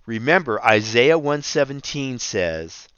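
A middle-aged man giving an earnest personal testimony in a sermon, telling his story in halting, emphatic phrases with repeats. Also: mid-range voice, expressive, a bit bright, clear, resonant tone, dry recording. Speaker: Christian speaker. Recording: dull dry lo-fi audio.

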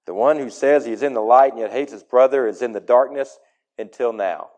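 A man preaching a sermon in an emphatic way, his voice swinging between loud and soft. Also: mid-range voice, quick pace.

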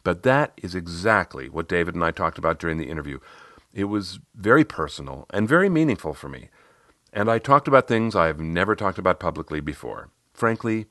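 Deep-voiced, lively male podcast coach. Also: no echo, clean studio sound. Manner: measured storytelling, reads dialogue aloud. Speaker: executive presence coach and podcast host. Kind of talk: scripted podcast narration.

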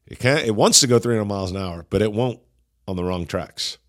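A man hosting a podcast and coaching pastors in an energetic, conversational way, often dropping in "man" as he talks. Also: lowish voice, brisk. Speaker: podcast host. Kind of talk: casual pastoral coaching talk.

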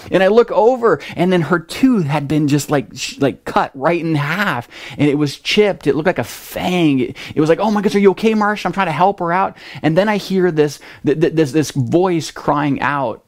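Middle-aged pastor, chatty storyteller. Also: male voice, a little high, normal speed, hardly any pauses. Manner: conversational storytelling, lively at dramatic moments. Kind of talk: sermon with a personal story.

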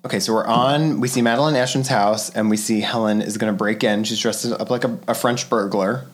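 A woman's voice: extremely low pitch, fairly quick, hardly any pauses. Chatty woman riffing on a movie. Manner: chatty, swearing, excitable asides. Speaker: podcast co-host. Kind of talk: casual movie-watching commentary.

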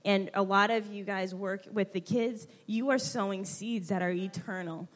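A woman's voice: mid-range voice, moderate pace. Tearful young woman giving heartfelt tribute. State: close to tears. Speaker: church speaker. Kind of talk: emotional tribute at a church women's gathering.

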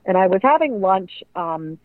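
A middle-aged woman, a radio personality and author, telling lively stories in an interview and acting out the voices of people she quotes. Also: medium pitch, normal speed, dry recording. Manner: animated storyteller who acts out quoted voices. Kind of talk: conversational storytelling interview. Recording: tinny phone-like line, dry.

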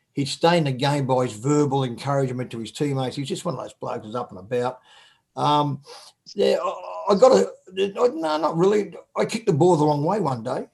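A man's voice: a little high, vocal fry, darkish tone, slightly rough. An Australian man telling stories as an interview guest, blunt and crude, laughing often. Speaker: guest, former footballer. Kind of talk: casual storytelling.

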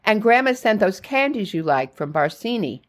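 A woman's voice: medium pitch, sing-song, moderate pace, natural voice. A woman reading the lines of a fussing, anxious mother, in her own voice.

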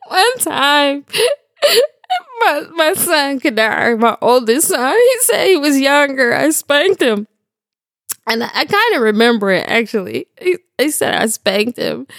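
A woman's voice: sits high, very animated, unhurried, creaky, fairly bright tone, no room sound, clean studio sound. A middle-aged woman telling a humorous devotional story in a slangy, playful way, often laughing. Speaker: devotional speaker.

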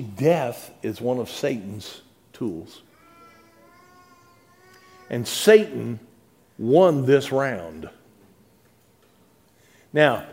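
A male pastor preaching in a conversational way, repeating words and swinging between soft, quiet passages and louder, emphatic ones. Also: medium pitch. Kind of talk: sermon.

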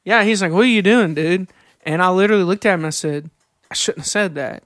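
A man co-hosting a faith podcast, telling personal stories earnestly and reading scripture slowly. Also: sits high, fairly bright tone, no room sound, studio quality. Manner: earnest, reads scripture slowly, confessional storytelling. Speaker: podcast co-host.

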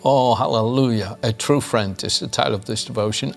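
Gravelly, earnest man preaching a devotion. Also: mid-range voice, a little fast, faint music behind. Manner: earnest storytelling, chuckles often. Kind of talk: devotional sermon with scripture reading.

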